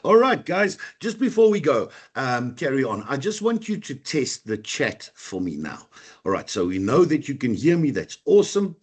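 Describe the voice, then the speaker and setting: A man's voice: medium pitch, sing-song, moderate pace, slightly rough. A man with a South African accent, a teacher running a live online lesson, upbeat and chatty as he greets students by name. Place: online video meeting.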